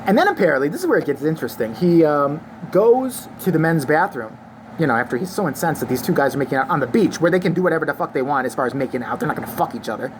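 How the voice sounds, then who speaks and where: A woman's voice: sits low, big pitch swings, rapid-fire, noisy background. Angry, foul-mouthed woman ranting. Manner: angry, crude, sarcastic. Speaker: vlogger. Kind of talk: profane opinion rant to camera.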